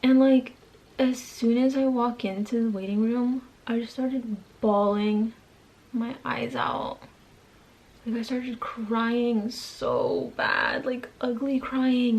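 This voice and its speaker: A woman's voice: on the high side, slow, a little mellow, poor audio. Chatty young woman doing her makeup. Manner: casual, rambling, lots of "like" and slang. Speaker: beauty vlogger. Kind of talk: chatty get-ready-with-me vlog. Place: home, doing makeup at a mirror.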